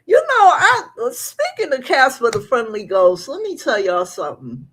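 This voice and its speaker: A woman's voice: sits high, huge pitch swings, fairly bright tone, slight background noise. A middle-aged woman hosting a live recap show from her apartment, chatting with her viewers and drawing out her stories. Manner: chatty, talks straight to viewers, drawn-out storytelling. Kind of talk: casual live chat with viewers.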